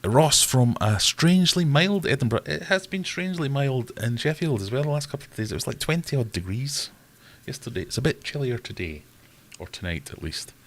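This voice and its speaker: A man's voice: medium pitch, expressive, brisk, few pauses. A man hosting a casual live stream, chatting and greeting viewers in a self-deprecating way.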